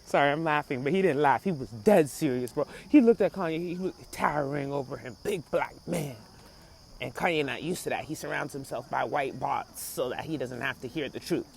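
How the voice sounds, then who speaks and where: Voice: mid-range voice, a little fast, creaky, a little hiss or hum. Laughing, slangy podcast cohost. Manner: laughing, slangy, animated storytelling. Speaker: podcast host. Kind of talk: casual commentary on a clip.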